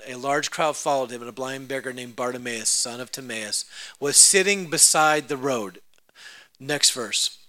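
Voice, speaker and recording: A man preaching a lively sermon, acting out quotes in voices, joking and laughing, building to loud, fervent shouting. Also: medium pitch. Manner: dramatic, acts out quotes in voices; humorous, laughs at own jokes.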